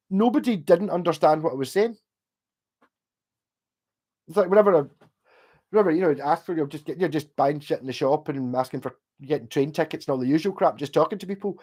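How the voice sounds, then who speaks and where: Pitched fairly high with a darkish tone, this middle-aged Glaswegian from Scotland reads out livestream chat. His talk wanders, packed with swearing and filler words.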